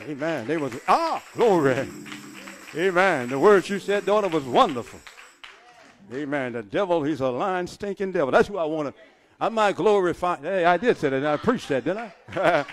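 A middle-aged man preaching a sermon from a church pulpit, calling for amens and rising to shouts. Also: fairly high pitch, lively intonation, moderate pace, some chatter behind, a little hiss or hum. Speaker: pastor.

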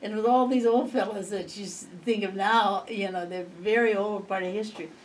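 Her mid-range voice fairly even in intonation and moderate in pace, an older woman chats and rambles while reminiscing for an interviewer, laughing often. A distant mic records her with faint background noise.

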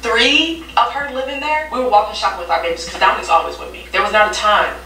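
A woman's voice: medium pitch, quick pace. A young woman vlogger, blunt and heated, telling a personal story in a casual storytime vlog. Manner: blunt, heated, animated retelling with quoted voices. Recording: far-off mic in an echoey room with faint TV noise.

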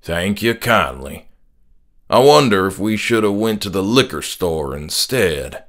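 A man voicing a selfish, rude middle-aged father who speaks in a slow Southern country drawl and sneers dismissively. The voice is lowish and brushes people off. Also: sing-song, a bit bright, full character voice. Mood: gruff, dismissive.

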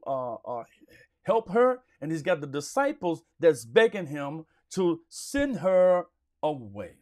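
Slow, emphatic male Bible teacher. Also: a little high, a little mellow. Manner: preacherly, emphatic, repeats phrases for stress. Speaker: Sunday school teacher.

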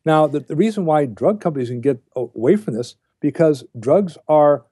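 A man's voice: fairly high pitch, animated, normal speed, dark tone, slightly rough, no room sound, clean studio sound. An older man speaking as a guest on a podcast interview, lecturing bluntly and with emphasis. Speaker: guest, diet researcher.

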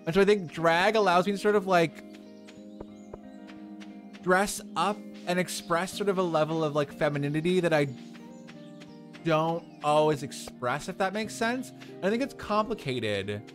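A man's voice: fairly high pitch, normal speed, pauses often, a bit bright, faint music behind. A young man in drag live-streaming a farming game, chatting casually with viewers and answering their questions with lots of fillers.

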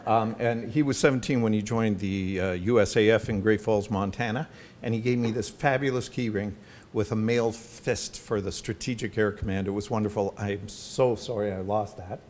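A symposium's featured speaker, an older man, shares warm family anecdotes with asides for a university hall audience via a podium microphone. His voice is fairly low, his intonation fairly even, his pace normal, and a little hiss or hum is audible.

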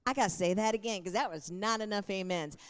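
A woman's voice: medium pitch, quick pace. A middle-aged woman preaching a sermon in an earnest, encouraging way. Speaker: pastor.

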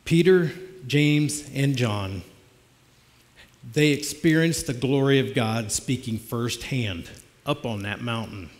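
A man's voice: mid-range voice, slow pace. A middle-aged man preaching a personal testimony sermon as a lay preacher, in a plainspoken, conversational storytelling way. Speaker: lay preacher filling the pulpit. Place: church sanctuary. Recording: long church reverb.

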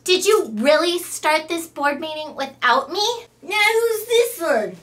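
A woman's voice: high voice, takes it slowly, sharp tone, distant mic, full character voice. Woman putting on a bratty preppy valley girl. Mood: snooty. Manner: whiny, bratty.

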